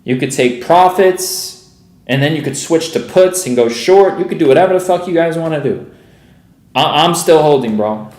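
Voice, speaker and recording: A man's voice: fairly high pitch, lively intonation, normal speed, a little mellow, roomy sound. A young man giving profane, exasperated live commentary on his trades as a streaming day trader, peppering every sentence with "bro" and "dude.".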